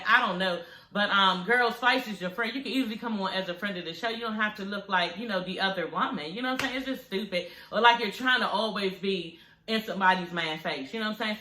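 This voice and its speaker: A woman's voice: medium pitch, bright, forceful tone, reverberant, rough recording. A woman recapping a reality TV episode for her viewers in a sassy, gossipy, profane way, talking straight to them. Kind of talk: casual recap vlog.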